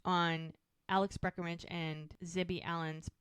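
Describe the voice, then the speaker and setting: A woman's voice: fairly low pitch, little pitch movement, unhurried, fairly bright tone, clean tone, no echo. A woman co-hosting a casual podcast, retelling television scenes in a chatty way and quoting the characters. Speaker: podcast co-host. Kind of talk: casual rewatch podcast recap.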